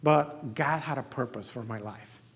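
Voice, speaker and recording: A man's voice: medium pitch, measured pace, creaky. A man from Mexico gives an earnest personal testimony to a conference, acting out his own past dialogue as he tells it. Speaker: business founder giving a testimony. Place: large conference hall. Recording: reverberant conference hall.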